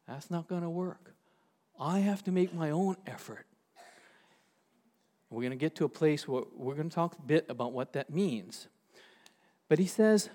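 Emphatic male pastor with a lively voice. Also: a little high. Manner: emphatic, slows down to stress key words; reads scripture aloud to the congregation. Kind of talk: sermon.

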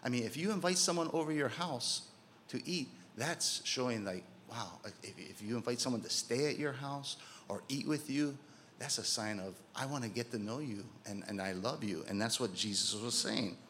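A man's voice: medium pitch, moderate pace, a bit bright, slight background noise. A man preaching a sermon in a conversational way, asking rhetorical questions and acting out quotes. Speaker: pastor.

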